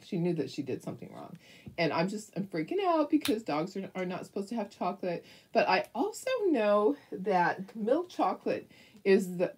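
An older woman telling a rambling story in a chatty, animated way while she paints a craft, laughing often. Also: lowish voice, breathy edge. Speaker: craft vlogger.

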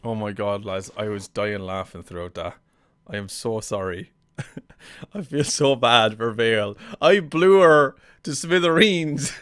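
A man playing a shooter for the first time, laughing, swearing and shouting at his teammates as he goes. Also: fairly low pitch, animated, unhurried, clean tone. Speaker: gaming YouTuber. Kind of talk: excitable let's-play commentary. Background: game music and vehicle sounds.

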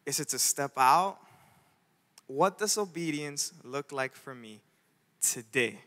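A man preaches a sermon, his voice bright, forceful and somewhat high. He tells the story in an animated way, putting on the voices of its figures. The long reverb of a church hall trails behind each phrase. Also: takes it slowly. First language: Spanish. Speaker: pastor. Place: church sanctuary.

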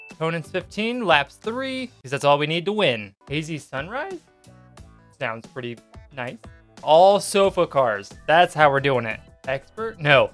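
A young man from the United States hosting his gaming channel, giving jokey let's-play commentary and bursting into yelps and shouts. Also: a little high.

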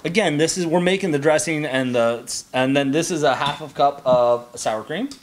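A man's voice: a little high, normal speed, slight background noise. A man hosting a casual cooking show in a home kitchen, chatty and jokey as he gives step-by-step instructions.

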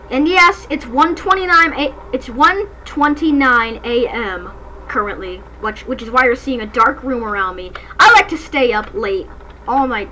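A woman hosting a gaming channel, giving excitable, jokey let's-play commentary from a dark room at night and breaking into snatches of song. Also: a little high, a little hiss or hum, low-quality recording.

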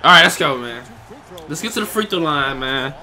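A young man giving live commentary over his own basketball video game, reacting loudly to each play and talking to the players and his viewers. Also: on the high side, animated, moderate pace. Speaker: gaming YouTuber.

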